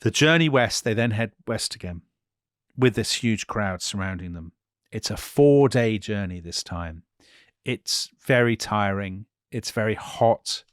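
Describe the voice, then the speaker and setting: A man's voice: fairly low pitch, lively intonation, a little slow, no room sound, clean studio sound. A man co-hosting a history podcast, retelling events vividly and dropping into quoted speech for the people in the story. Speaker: podcast co-host.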